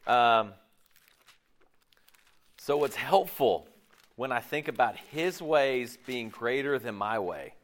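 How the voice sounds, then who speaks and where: A middle-aged man preaching a casual, conversational sermon, chatty and animated, with slangy asides and frequent restarts. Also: mid-range voice, slow pace, pauses often. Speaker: pastor.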